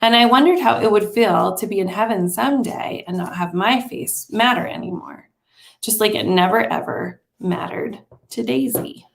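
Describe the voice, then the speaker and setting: A woman teacher calmly reading a children's novel aloud, measured and steady, in a roomy recording. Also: mid-range voice, vocal fry, slight background noise. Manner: calm, measured read-aloud. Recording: roomy echo.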